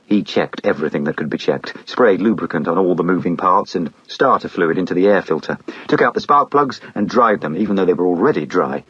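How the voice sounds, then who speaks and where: A man narrating an audiobook in a measured, steady storytelling manner. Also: deep voice, husky, dry recording, lo-fi sound.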